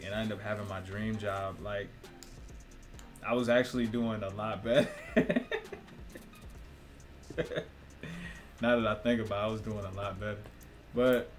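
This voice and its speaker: Low-voiced man rambling casually. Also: fairly bright tone. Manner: loose, profane, laughing often, asks viewers questions. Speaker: vlogger, host of own channel. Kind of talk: casual rambling monologue to camera.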